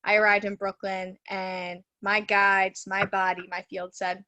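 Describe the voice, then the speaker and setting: A woman's voice: medium pitch, little pitch movement, measured pace, hardly any pauses, pushed and bright, no room sound. A woman Reiki teacher telling a story in a casual, chatty way over a video call from her home, full of fillers. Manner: chatty, lots of "like" and "you know" fillers.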